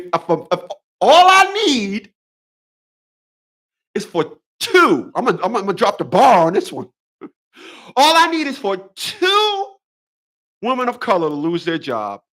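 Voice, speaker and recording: Guy ranting to camera, voice kinda high and jumping all over, keeps cracking himself up. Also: fairly bright tone. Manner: mocking, laughs at his own jokes, repeats phrases. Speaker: commentary vlogger. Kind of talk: monologue rant.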